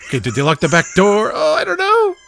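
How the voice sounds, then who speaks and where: A woman hosting a reaction show, narrating a cartoon excitedly, laughing and sometimes hushing her voice. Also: medium pitch, fast, vocal fry, soft background music. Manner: excitable, laughing, often drops to a hushed voice. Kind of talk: live reaction commentary on a cartoon.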